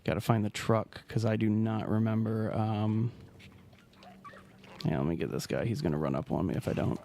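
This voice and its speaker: A man's voice: fairly low pitch, normal speed, creaky, slight background noise. A man streaming a video game, talking casually and rambling as he plays. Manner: rambling, relaxed, trails off mid-sentence. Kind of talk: casual gameplay commentary.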